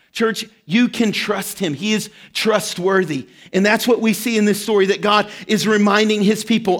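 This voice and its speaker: A man's voice: high voice, moderate pace. A man preaching a sermon as pastor, telling a story earnestly and acting out quoted prayers.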